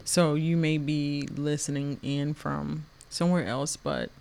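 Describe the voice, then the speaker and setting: A man's voice: on the high side, flat delivery, measured pace, gravelly, darkish tone. A man co-hosting a casual podcast, speaking in brief, affirming, cheerful remarks. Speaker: podcast co-host. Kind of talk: casual podcast sign-off chat.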